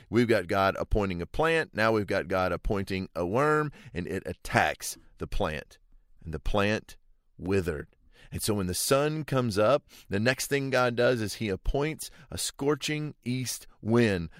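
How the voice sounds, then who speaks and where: A male pastor preaching a sermon in a somewhat low voice, telling a Bible story with animated energy and acting out the quoted lines. The sound is close and dry, with no room echo.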